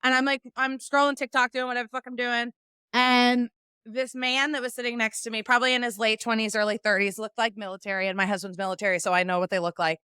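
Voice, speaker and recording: A woman hosting a podcast, telling stories in a casual, animated and profane way. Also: a little high, fast, clean tone, no room sound, studio quality. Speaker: podcast host. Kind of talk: casual interview chat.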